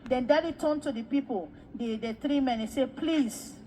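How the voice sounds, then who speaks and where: High-voiced woman preacher telling a vision. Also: a little fast, a little hiss or hum, rough recording. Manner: animated storytelling, acts out quoted dialogue; repeats words for emphasis. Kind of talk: testimony sermon recounting a vision.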